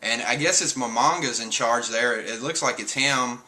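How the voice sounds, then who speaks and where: Bright-voiced man rambling through a review. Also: mid-range voice, normal speed. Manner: rambling, chuckles often, swears casually. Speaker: streamer reviewing a comic chapter. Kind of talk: casual chat.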